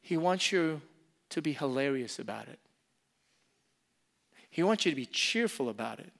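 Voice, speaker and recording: A man preaching a sermon as pastor, impassioned, repeating key phrases and swinging from loud emphasis to soft, intimate asides. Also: on the high side, animated, moderate pace, vocal fry.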